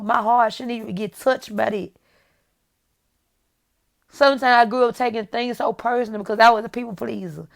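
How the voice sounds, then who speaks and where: Young woman vlogging, blunt and emphatic, talking right to her viewers, mid pitch. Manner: emphatic, repetitive, talks straight to viewers. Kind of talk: candid motivational vlog talk.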